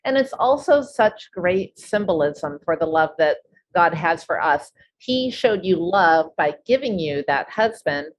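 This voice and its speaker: Female host, lowish voice, affirming; muffled lo-fi audio with faint hiss. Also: lively intonation, measured pace. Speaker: podcast host. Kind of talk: interview talk. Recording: dull lo-fi with faint noise.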